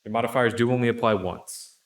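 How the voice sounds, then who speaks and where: A man serving as game master, narrating the action and methodically explaining the rules, pausing on fillers as he goes. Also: medium pitch, steady tone. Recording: roomy echo.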